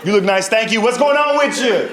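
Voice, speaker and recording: A man putting on a loud, sassy older woman therapist. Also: animated, brisk, echoey room, over a noisy crowd, heavy background noise. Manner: loud, high, sassy and scolding. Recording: live club with loud audience laughter.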